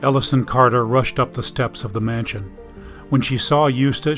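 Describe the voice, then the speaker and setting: A man reading a story aloud in scripted narration, steady and even. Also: mid-range voice, normal speed, soft background music. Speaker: audiobook narrator.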